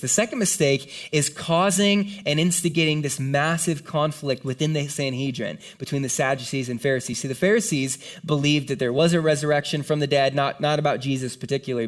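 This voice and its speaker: Animated conversational male preacher. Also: fairly high pitch. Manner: conversational, animated, lots of "like" and "right?". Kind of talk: casual sermon to a live congregation. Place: room with a gathered audience.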